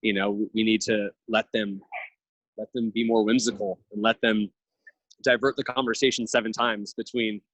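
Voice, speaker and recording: A man's voice: on the low side, flat delivery, moderate pace, fairly bright tone, breathy edge, no echo, low-quality recording. A man in his thirties, a podcast guest, talking earnestly and reflectively in long thoughtful runs. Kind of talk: casual conversational interview.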